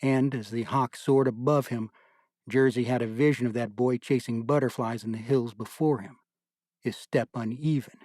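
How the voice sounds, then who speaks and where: Measured male audiobook narrator, dry. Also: medium pitch, fairly even intonation, darkish tone, no room sound. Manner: measured, deliberate storytelling.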